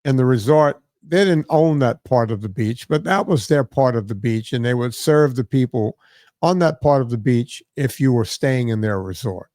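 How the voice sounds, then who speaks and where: A man's voice: medium pitch, normal speed, dark tone, no room sound. Chatty man telling stories, dry sound. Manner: rambling storyteller, many fillers and "right?" asides. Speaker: podcast host. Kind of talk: casual podcast chat.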